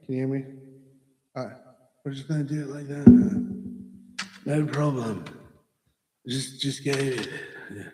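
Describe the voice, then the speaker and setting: A man's voice: mid-range voice, a little slow, pauses often, darkish tone, roomy sound, in a large hall, a little hiss or hum. A man hosting a casual livestream, rambling, interrupting himself and laughing at his own mishaps. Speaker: host. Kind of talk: casual livestream chat between song attempts.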